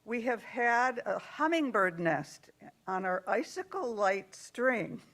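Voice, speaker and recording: A woman leading a church worship service, speaking gently and reading out joys and sorrows from the congregation. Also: a little high, big pitch swings, takes it slowly.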